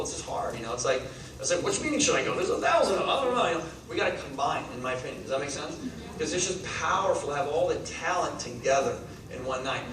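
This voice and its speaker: An energetic man in his thirties gives a motivational talk, rattling off points and checking in with the crowd. His fairly high voice carries from a distance through a very echoey hall, with steady noise underneath. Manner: energetic, rapid-fire, asks the crowd questions. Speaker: network marketing speaker. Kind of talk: motivational talk to a live audience. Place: large meeting hall.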